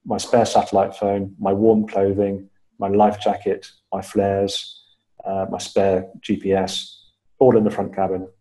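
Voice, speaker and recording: Low, mellow-voiced man telling a story. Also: completely flat delivery, low-quality recording. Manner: measured, step-by-step retelling with frequent fillers; repeats key phrases for emphasis. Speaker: podcast guest. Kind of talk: storytelling in an interview.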